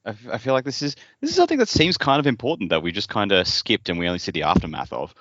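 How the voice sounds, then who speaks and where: A man's voice: fairly low pitch, very animated, racing, a bit bright, no echo. A man discussing a fantasy book in casual podcast chat, wry and swearing freely. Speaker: podcast co-host. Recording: dull dry podcast audio.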